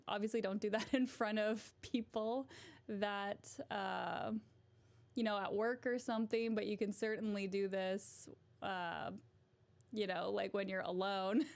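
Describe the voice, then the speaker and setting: A young woman hosts a casual livestream, chatting and giggling with her viewers in a gravelly, mid-range voice.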